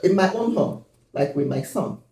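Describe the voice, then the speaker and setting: A man's voice: a little high, animated, normal speed, darkish tone. A man from Nigeria talking earnestly and firmly as host of a casual panel chat. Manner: earnest, firm, emphatic. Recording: echoey room.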